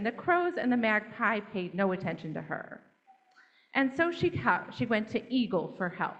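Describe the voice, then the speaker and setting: A woman telling a children's story at church in a gentle, interactive way, inviting the children to join in. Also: fairly high pitch, muffled recording.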